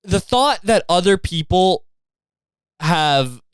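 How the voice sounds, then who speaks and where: A young Canadian man hosting a podcast, ranting casually with lots of profanity and an animated, rambling delivery, recorded outdoors on a street. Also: sits high, slow, clean tone. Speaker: podcast host. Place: outdoors in a street after a match.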